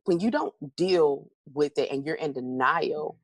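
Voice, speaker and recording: Low gravelly woman telling stories. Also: moderate pace, few pauses, no echo. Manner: animated storytelling, acts out her own replies. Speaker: interview guest, motivational speaker. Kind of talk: candid conversational interview.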